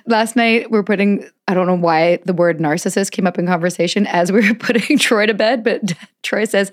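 A woman's voice: mid-range voice, normal speed. A woman hosting a podcast in casual chat, talking in chatty, digressive runs and laughing often. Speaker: podcast host.

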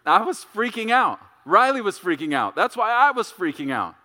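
A middle-aged male pastor preaches a sermon at normal speed, very animated and sharp in tone. Telling a story, he acts out voices with big leaps in pitch and volume, and a long reverb tail follows his words.

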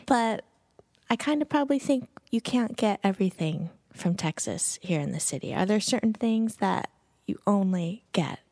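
Animated storytelling woman podcast host. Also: medium pitch, moderate pace, no room sound. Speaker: podcast co-host, magazine editor. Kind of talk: casual podcast chat.

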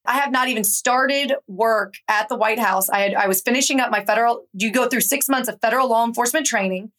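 A young adult woman from Georgia, a guest author telling her story in an animated, conversational interview. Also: fairly high pitch, fast talker. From Atlanta, Georgia. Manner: animated, acts out quoted voices in her stories.

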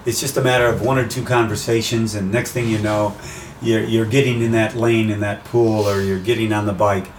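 A man speaking as an interview guest in casual conversation, animated, acting out quoted voices as he tells stories. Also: fairly low pitch, a little fast, roomy sound, recorded from a distance, a little hiss or hum, low-quality recording. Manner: animated storyteller, acts out quotes. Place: outdoors by the sea.

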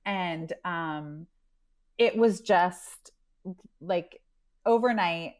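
A woman who runs a dog rescue, telling a story in a lively, chatty way and acting out the quotes. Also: fairly low pitch, very slow, dull audio. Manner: animated, chatty, lots of "like" and acted-out quotes. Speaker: dog rescue owner and pet matchmaker. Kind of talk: storytelling in an interview.

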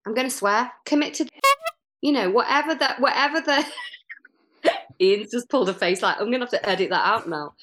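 A woman's voice: on the high side, normal speed, long pauses, fairly bright tone. A middle-aged woman, an improv teacher, talking casually and animatedly as a podcast guest, with many fillers and restarts.

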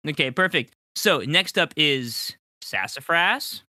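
Bright, playful man hosting a tabletop game. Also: fairly high pitch, animated, slow, no echo, studio quality. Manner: laughing often, playful. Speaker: game master. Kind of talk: hosting a rapid-fire question round.

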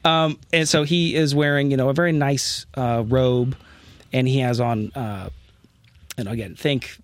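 A man's voice: mid-range voice, fairly even intonation, unhurried, no echo. A man narrating a tabletop game as game master, rambling with many fillers.

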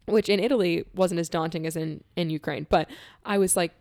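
A woman in casual conversation, telling a personal story in an earnest, animated way, laughing often and acting out quotes. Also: on the low side, a little fast, no room sound, clean studio sound.

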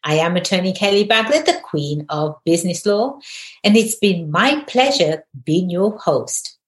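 A woman's voice: fairly low pitch, sing-song, unhurried. A woman hosting a podcast interview in an upbeat way, laughing often. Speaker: podcast host and attorney. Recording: roomy echo.

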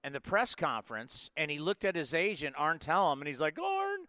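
A man in his forties hosts a live sports show in a bright, forceful voice that stays smooth and crisp. His pitch sits a bit high for a man. He talks with energy and rambles through plenty of asides. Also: expressive, a little fast, dry recording. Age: 40s. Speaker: sports podcast host. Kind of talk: casual live sports talk.

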